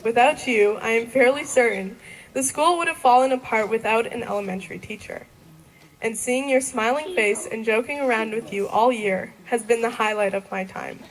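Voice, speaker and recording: A woman's voice: on the high side, moderate pace, poor audio. A young woman in her late teens giving a graduation thank-you speech, giggling often between sentences. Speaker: graduating student.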